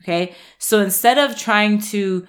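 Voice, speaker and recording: Casting note: woman coach, casual pep talk, mid pitch, blunt and chatty, lots of restarts. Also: measured pace. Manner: chatty, frank, laughs and swears, many restarts. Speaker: happiness and nutrition coach.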